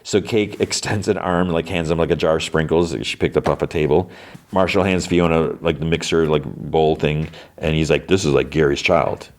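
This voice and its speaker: A man's voice: extremely low pitch, fairly even intonation, normal speed, darkish tone. A man hosting a podcast, recapping a cartoon episode in a rambling way full of fillers. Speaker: podcast host.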